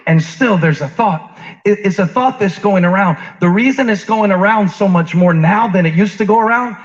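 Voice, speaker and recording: A preacher whose voice sits high for a man, delivering a chatty sermon. He draws the congregation in with questions and jokes, then drops soft before climbing again. The recording sounds muffled and lo-fi. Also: moderate pace. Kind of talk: conversational sermon. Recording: dull lo-fi sound.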